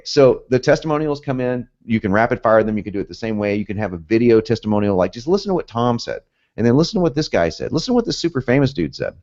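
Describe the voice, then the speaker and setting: Lively low-voiced man with a Southern lilt. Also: lo-fi sound. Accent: Southern US with some Northern. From United States, both North and South. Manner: emphatic and pumped up, with frequent repetition and asides. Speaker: copywriting course instructor. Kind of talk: energetic teaching talk.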